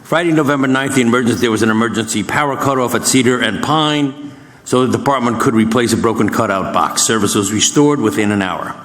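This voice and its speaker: A man's voice: medium pitch, fast, fairly bright tone. Man council member, plain report reading, roomy echoey chamber. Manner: matter-of-fact, listing items.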